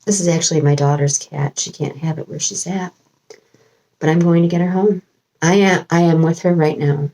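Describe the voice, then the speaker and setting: Gravelly low-voiced woman channeler. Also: steady tone, moderate pace, mellow, poor audio. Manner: rambling, meandering, with many fillers and restarts. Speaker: spiritual channeler. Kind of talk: casual spiritual vlog monologue. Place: at home.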